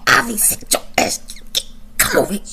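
A man voicing a bossy woman barking orders in a loud, scolding voice. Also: moderate pace, slight background noise.

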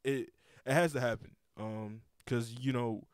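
A man's voice: mid-range voice, steady tone, measured pace, clear, resonant tone, no echo, studio quality. A young man hosting a casual podcast, rambling with lots of repeated words and cursing freely. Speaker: podcast host.

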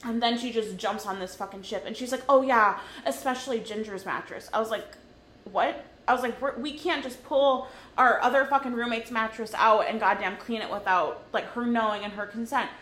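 A woman in her twenties co-hosting a podcast, swearing freely through an animated casual story. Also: a little high, brisk. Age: 20s. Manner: swears constantly, animated retelling. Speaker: podcast co-host. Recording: echoey room with faint noise.

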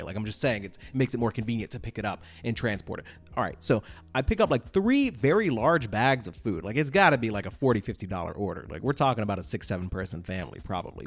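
A man hosting a podcast, telling a casual story in a rambling, animated way, full of fillers and checks like "all right?". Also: medium pitch. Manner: animated, exaggerated retelling. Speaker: podcast host.

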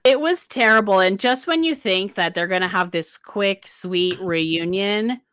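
A woman recapping a novel in a casual book chat, animated and laughing often. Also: medium pitch, unhurried, clear, resonant tone, no echo, clean studio sound. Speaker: book podcast co-host.

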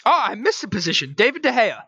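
A man's voice: high voice, big pitch swings, fast talker, gravelly, pushed and bright, husky, no echo. A young man co-hosting a casual sports podcast, ranting in exasperation, laughing and restarting his sentences. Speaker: podcast co-host.

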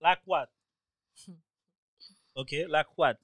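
A man's voice: on the high side, slow, fairly bright tone, dry recording, low-quality recording. A man in a heated casual debate, pushing his point and repeating his questions.

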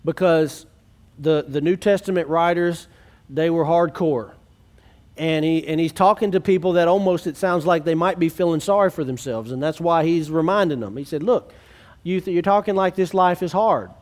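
A man's voice: high-pitched, a little mellow. A man preaching a sermon to a congregation in a church, earnest and conversational, asking the room rhetorical questions. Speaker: pastor. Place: church sanctuary.

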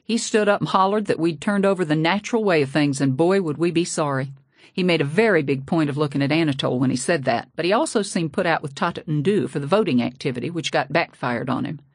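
Audiobook narrator, woman, sassy folksy read, deep dry voice. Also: no room sound. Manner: folksy, sassy first-person storytelling. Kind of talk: scripted narration.

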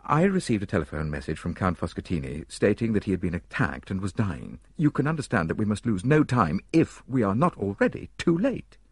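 A man voicing a brisk, earnest middle-aged doctor, speaking urgently. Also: lowish voice, big pitch swings, husky, dry recording, clean studio sound.

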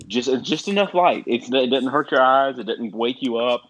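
A man's voice: mid-range voice, lively intonation, normal speed, fairly bright tone, slight background noise. A man, co-hosting a casual show, reading listener jokes and laughing at his own puns. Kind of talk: casual radio-style chat. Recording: dull lo-fi audio.

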